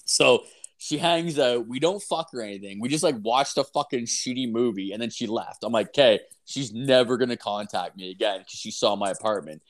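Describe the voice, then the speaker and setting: A man's voice: mid-range voice, normal speed. Foul-mouthed young man telling stories. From Canada. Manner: profane, rambling, heavy filler words; animated, acts out voices in anecdotes. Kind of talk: casual storytelling chat.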